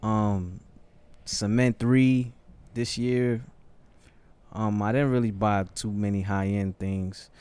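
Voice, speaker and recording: A man's voice: lowish voice, steady tone, slow pace, a little mellow, clear, resonant tone. A man, a podcast guest, chatting casually and venting emphatically, often tacking "man" onto his sentences. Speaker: podcast guest, music label executive.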